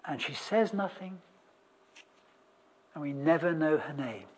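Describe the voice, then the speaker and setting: A preacher giving a chatty, humorous sermon, telling a story with wry asides and questions to the congregation, with many restarts and sudden loud bursts of emphasis. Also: medium pitch, expressive, unhurried, slight background noise. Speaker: preacher in a church service.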